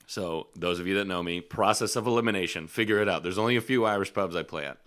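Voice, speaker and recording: A man's voice: sits low, fast, a little hiss or hum. A man hosting a casual podcast, telling blunt, profanity-laced stories about playing bar gigs as a musician. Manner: profane, blunt, animated storyteller. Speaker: podcast host and gigging musician. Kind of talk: casual podcast chat and storytelling.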